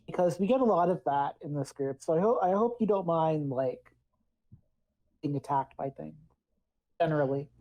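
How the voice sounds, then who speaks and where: A woman's voice: sits low, normal speed, long pauses, dark tone, muffled recording. A woman player in a tabletop game, cheerful and chatty. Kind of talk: tabletop role-play.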